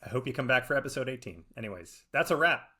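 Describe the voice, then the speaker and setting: Man, forties, podcast co-host; mid-pitched, bright, brisk sign-off. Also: expressive, breathy edge. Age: 40s. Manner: wraps up the show with a quick sign-off. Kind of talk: casual podcast chat.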